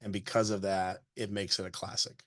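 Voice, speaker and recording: A man's voice: on the low side, flat delivery, brisk, fairly bright tone, no echo, clean studio sound. A man critiquing a picture book manuscript, reading passages aloud in a sing-song lilt and breaking off to comment.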